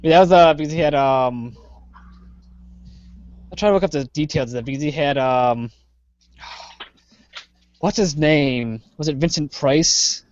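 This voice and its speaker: A man's voice: on the high side, unhurried, pauses often, no echo. A man co-hosting a casual live-streamed chat, rambling with lots of fillers. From Chicago area. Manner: rambling, trails off with many uh fillers. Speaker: podcast co-host. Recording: dull lo-fi live stream audio.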